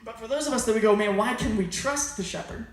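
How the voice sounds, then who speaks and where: Youth pastor man, booming echoey hall. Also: fast talker. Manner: casual storytelling with slang. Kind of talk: youth sermon. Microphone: phone camera from far off. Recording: very echoey, distant phone recording.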